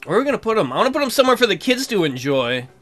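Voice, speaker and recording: A man hosting a let's play, giving casual, excitable commentary full of jokes and swearing. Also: high-pitched, rapid-fire, soft background music. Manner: excitable and jokey, swears freely.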